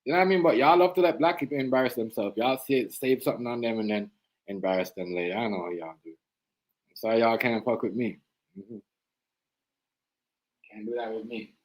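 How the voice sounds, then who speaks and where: A young man, live-streaming a heated, repetitive rant that swings from loud outbursts to low mutters. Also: fairly quick, long pauses, poor audio. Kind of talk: ranting live-stream commentary.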